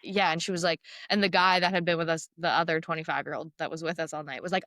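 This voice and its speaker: A woman in her thirties co-hosting a podcast, telling stories in animated casual chat and acting out what others said. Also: fairly low pitch, no room sound. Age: 30s. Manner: fast, animated storytelling with acted-out quotes. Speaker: podcast co-host.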